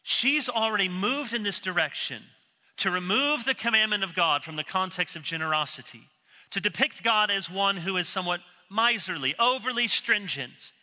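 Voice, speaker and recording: A man preaching an expository sermon, emphatic and animated, dropping low and quiet when he quotes others. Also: moderate pace. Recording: long reverb of a large hall.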